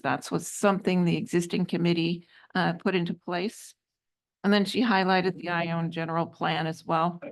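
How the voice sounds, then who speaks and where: A woman's voice: lowish voice, creaky. A woman on a city council, reading applicants' letters aloud at a meeting, hesitant, with many ums and slips. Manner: hesitant, many ums, trips over words. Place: council chamber.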